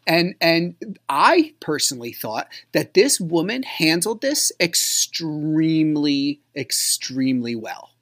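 A man hosting a podcast, telling a personal story in a rambling way, full of "like", sometimes dropping to a low murmur. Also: very animated, takes it slowly, hardly any pauses, a bit bright. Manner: rambling, frequent filler "like". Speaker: podcast host.

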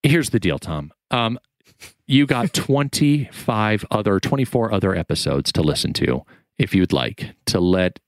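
A man's voice: fairly low pitch, expressive, unhurried, dry recording. A man co-hosting a comedy podcast, flustered and giggly, breaking into laughter. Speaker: podcast co-host.

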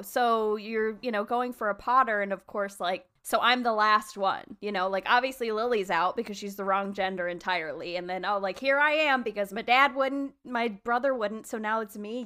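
A woman's voice: mid-range voice, clear, resonant tone. A woman in casual chat, retelling a fan fiction plot with lots of laughter and acted-out quotes. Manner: animated, laughing, acts out quoted characters.

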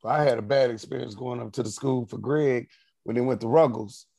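A man's voice: medium pitch, brisk, creaky, dark tone, no room sound. A man co-hosting a podcast, telling stories animatedly and laughing with friends. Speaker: co-host. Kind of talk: casual chat.

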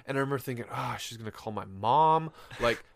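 Young male podcast co-host, animated laughing storyteller, dry close sound. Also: medium pitch, fairly quick, vocal fry, dry recording. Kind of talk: casual storytelling chat.

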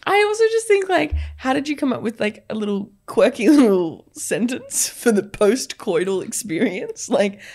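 A woman's voice: a little high, big pitch swings, normal speed, hardly any pauses, a little mellow. A young woman, co-hosting a podcast in talkative, laughter-filled casual chat, full of "like". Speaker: podcast co-host.

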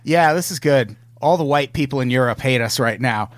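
A man's voice: medium pitch, brisk, no room sound, studio quality. A man in his thirties hosting a casual podcast chat, joking and swearing freely. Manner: jokey, swears casually, does goofy voices. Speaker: podcast host.

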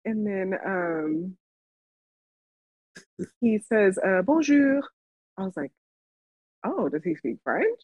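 Woman podcaster chatting, lively up and down voice, kinda husky, dull dry sound. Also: mid-range voice, slow pace, long pauses, dry recording. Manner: laughs often, animated when quoting herself. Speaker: podcast co-host. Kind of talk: casual storytelling chat. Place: Las Vegas.

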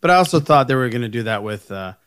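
A man co-hosting a podcast, telling a story in casual, excitable chat. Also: mid-range voice, fast, clean tone, no room sound, clean studio sound. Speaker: podcast co-host.

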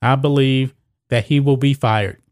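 A man with a medium-pitched, steady, slightly mellow voice speaks a little slowly in a dry, studio-quality recording. He hosts his own sports opinion channel, chatting casually with viewers and reading news quotes aloud, stumbling and restarting as he goes.

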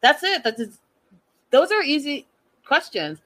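A woman hosting a reality TV recap, giving sassy and animated opinions and repeating her points for emphasis. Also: sits high, slow pace, low-quality recording. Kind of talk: casual opinionated commentary.

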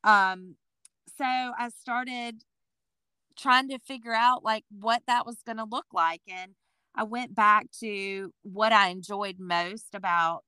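A woman's voice: medium pitch, slow pace, clear, resonant tone, no room sound. A woman in her forties, a boutique owner and interview guest, telling her story conversationally and acting out what people said. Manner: lively storyteller who acts out what people said.

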